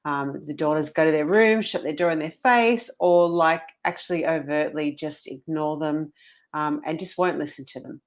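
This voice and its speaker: Woman, lowish voice, slightly husky, earnest, conversational coaching, restarts sentences. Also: moderate pace. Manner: earnest, storytelling, restarts phrases. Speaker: mothers' coach.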